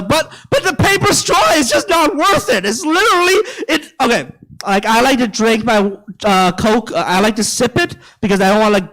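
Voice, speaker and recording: A young male comedian from China, performing stand-up live on a theater stage. He rants with plenty of profanity, tripping and repeating words as he goes. His speaking voice sits very high for a man. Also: a bit bright, poor audio. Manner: stammering, profane ranting.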